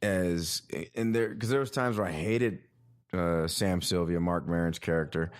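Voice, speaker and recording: A man hosting a podcast in a rambling, excitable, profane casual chat. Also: sits low, unhurried. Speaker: podcast host.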